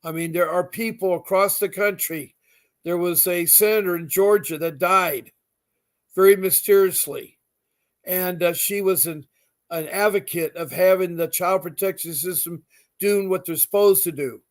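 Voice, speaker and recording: A middle-aged man hosts a call-in style talk show, pitched fairly high for a man. He speaks emphatically and harshly, indignant. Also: moderate pace. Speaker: host. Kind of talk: advocacy talk show conversation.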